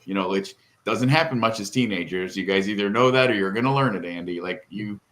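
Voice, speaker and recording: A man's voice: fairly low pitch, a little fast, a bit bright. A middle-aged man co-hosting a podcast, telling a long, rambling, emotional story in casual chat and tearing up. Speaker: podcast co-host.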